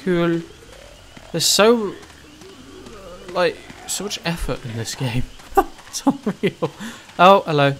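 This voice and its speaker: A man's voice: a little high, big pitch swings, takes it slowly, long pauses. Sweary man ranting at a game. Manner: sweary, ranting, sudden shouted outbursts. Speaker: gaming channel host. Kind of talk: let's play commentary.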